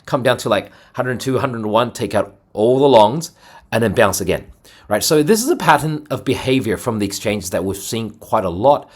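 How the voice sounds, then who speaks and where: A man runs through crypto charts in a loose, excitable commentary, punching his points with "boom" and "right?". His voice has a husky edge and sits at an everyday middle pitch. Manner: energetic, salesy, lots of "right?" and "boom". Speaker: crypto trading video host. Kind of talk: casual market commentary over charts.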